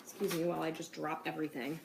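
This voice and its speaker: A woman's voice: low voice, flat delivery, rapid-fire, creaky. A young woman hosting a casual cooking demo in her home kitchen, chatting with viewers and saying "like" and "okay" a lot. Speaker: cooking show host. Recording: echoey kitchen with faint noise.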